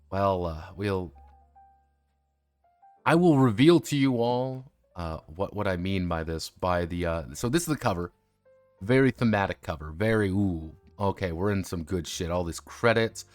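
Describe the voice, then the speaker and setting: Give me a low-voiced man casually rambling through a game review, profane, with faint music behind. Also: dry recording. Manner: rambling, profane, many fillers and restarts. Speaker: streamer reviewing a tabletop game. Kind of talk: casual chat.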